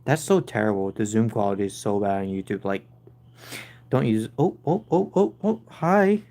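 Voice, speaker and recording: A woman streaming casually from home, cooing and calling out excitedly to her cat. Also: extremely low pitch, normal speed. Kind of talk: casual live-stream chat.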